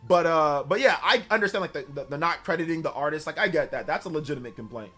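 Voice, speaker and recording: Bright-voiced man arguing with chat. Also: a little high, expressive, fast, few pauses. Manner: defensive, repeats himself, argumentative. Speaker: livestream host. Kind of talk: casual livestream chat, answering chat comments. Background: background music.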